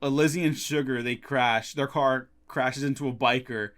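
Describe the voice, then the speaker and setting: A man co-hosting a casual film podcast, retelling scenes in a relaxed, gleeful way. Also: mid-range voice, moderate pace. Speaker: podcast co-host.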